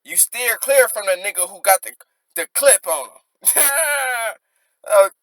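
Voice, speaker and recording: A man's voice: high voice, expressive, moderate pace, dry recording. A man casually breaking down rap lyrics, rereading lines and unpacking them in loose slang. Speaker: rap commentator.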